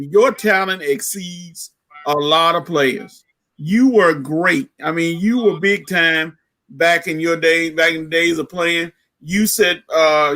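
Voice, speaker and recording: Fiery bright-voiced man ranting. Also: a little high. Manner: fiery, preachy, building to shouts. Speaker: co-host, former coach. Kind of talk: heated sports talk rant.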